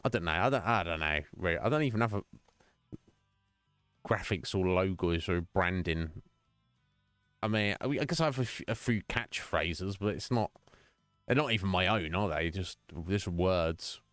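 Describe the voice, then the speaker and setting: Chatty man, low animated voice. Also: moderate pace, pauses often, smooth, no echo, faint music behind. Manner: rambling, jokey, chatty, addresses viewers by name. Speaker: streamer. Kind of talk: casual live-stream chat with viewers.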